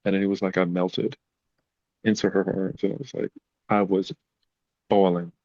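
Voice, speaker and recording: A man's voice: sits low, normal speed, no room sound, highs cut off. A man, a podcast guest, telling personal stories in a casual, emotional way. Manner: emotional, animated retelling. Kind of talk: casual storytelling.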